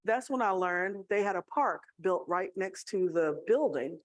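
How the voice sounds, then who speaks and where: A woman's voice: mid-range voice, expressive, a little slow, no echo. A woman with a Southern American accent giving a conversational speech at a staff awards gathering, telling a story and checking in with her audience. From Tennessee, USA. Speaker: college student affairs leader.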